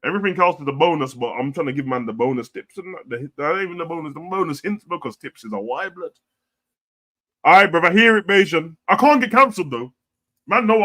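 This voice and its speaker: A man hosting a casual live stream, reading out chat comments in a blunt, profane, heavy way. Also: a little high. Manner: blunt, profane, slangy, swings between loud and quiet.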